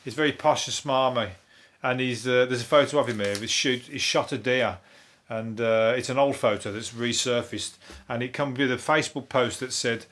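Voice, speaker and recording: A man's voice: mid-range voice, normal speed, hardly any pauses, a bit bright. An English man hosting a comedy podcast, chatting casually in a rambling way, swearing freely and chuckling often.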